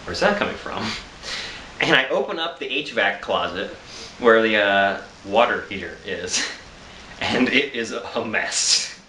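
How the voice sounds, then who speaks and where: A man's voice: on the low side, animated, unhurried, pushed and bright, echoey room, a little hiss or hum. A tired man telling a rambling, self-amused story in a casual vlog, with frequent laughs and restarts. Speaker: vlogger.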